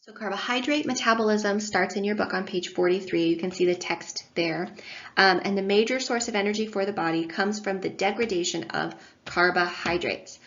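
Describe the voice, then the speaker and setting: A woman instructor records a lecture for her students, talking loosely with frequent fillers and little self-deprecating asides. Her voice sits at an ordinary middle pitch. The audio is a bit dull and lo-fi. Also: moderate pace, fairly bright tone.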